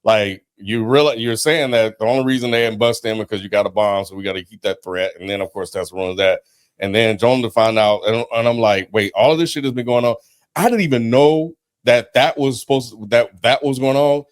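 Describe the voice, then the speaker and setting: A man's voice: lowish voice, fairly quick, clean tone, no room sound, studio quality. A man co-hosting a casual movie review podcast, cursing and acting out his own frustrated rants. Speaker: podcast co-host.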